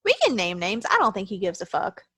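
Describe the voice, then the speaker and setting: Young woman podcast cohost, lively voice goin up and down, swears a lot, dry close sound. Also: mid-range voice, fairly quick, husky, no echo. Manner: animated, swearing, laughing a lot. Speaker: podcast co-host. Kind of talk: casual chat.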